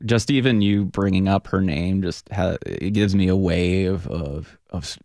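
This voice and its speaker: Buddhist teacher guy in a radio interview, low voice, earnest, keeps restarting his sentences, dry sound. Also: a little slow, creaky, a little mellow, no room sound. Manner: earnest and searching, with frequent restarts and trailing phrases. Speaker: Buddhist teacher and punk rock frontman, interview guest. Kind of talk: reflective radio interview conversation. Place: radio studio.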